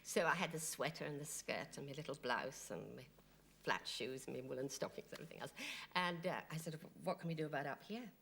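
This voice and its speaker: A woman guest on a TV chat show, telling animated anecdotes and laughing often. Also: deep voice, slight background noise. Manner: giggly, animated storytelling with frequent laughs. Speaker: guest impressionist. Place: TV studio.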